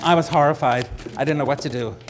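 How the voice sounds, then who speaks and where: A man's voice: fairly high pitch, quick pace. A middle-aged man giving a live floral design demonstration, chatty and joking with his audience. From Canada.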